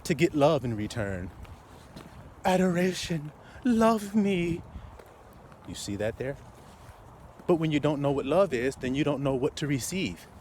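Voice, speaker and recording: A man's voice: fairly high pitch, big pitch swings, a little mellow, a little hiss or hum. A man preaching casually into his phone while walking down a city street, laughing often and asking his listeners rhetorical questions. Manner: laughing, rhetorical, drawn-out repetitions. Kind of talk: casual outdoor sermon to phone camera. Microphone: phone held while walking.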